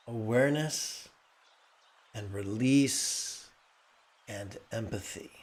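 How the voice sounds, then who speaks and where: A man with a gravelly, creaky voice teaches meditation in a calm, explanatory way. His pitch sits in the middle, and he often restarts his sentences. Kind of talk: meditation talk.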